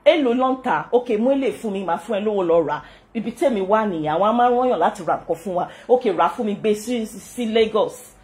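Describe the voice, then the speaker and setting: A woman's voice: mid-range voice, racing, hardly any pauses. A middle-aged Nigerian woman with a Yoruba-inflected accent, hosting a casual vlog and talking indignantly, switching between English, Pidgin and Yoruba. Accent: Nigerian, Yoruba-speaking. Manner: animated, mixing English, Pidgin and Yoruba, frequent laughter, indignant. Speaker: channel host.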